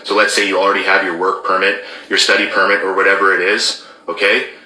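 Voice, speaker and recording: A man with a lower-set voice gives emphatic commentary, leaning hard on key words. His tone is very bright and sharp. The sound carries a roomy echo. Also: flat delivery, fast talker. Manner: emphatic, repeats key words, asks "okay?". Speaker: former border officer commentator. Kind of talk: explanatory commentary.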